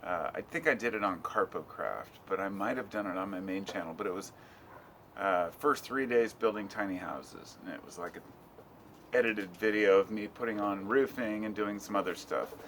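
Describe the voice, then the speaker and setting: A man's voice: lowish voice, normal speed, a bit bright, slight background noise. A middle-aged American man talking at home in a loose, rambling vlog, swearing casually. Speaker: vlogger.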